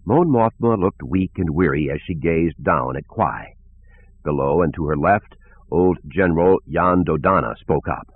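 Male audiobook narrator, low husky voice, steady read; tinny phone-line sound. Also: normal speed. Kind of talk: scripted narration.

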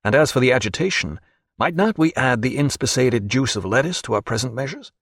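A narrator reads a courteous naval officer in a formal, polite manner. The voice stays close to the reader's own, lively and expressive. The sound is dry and close to the mic. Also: male voice, medium pitch, a little fast, husky, dry recording. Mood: earnest. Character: polite, keen naval officer chess player.

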